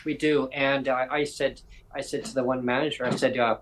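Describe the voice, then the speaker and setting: A man chats his way through a long, rambling story, stopping to act out what others said and restarting his sentences as he goes. His voice sits at an ordinary middle pitch, neither high nor low. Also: flat delivery, brisk, a little hiss or hum, low-quality recording. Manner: rambling anecdote teller with voiced quotes and self-corrections. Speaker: podcast host. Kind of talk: casual storytelling chat.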